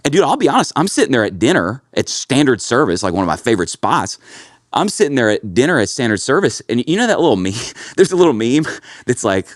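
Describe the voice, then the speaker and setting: A man's voice: medium pitch, very animated, fast, dry recording, clean studio sound. A man hosting a casual podcast, telling stories with lots of energy and calling his co-host bro and dude. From Kentucky.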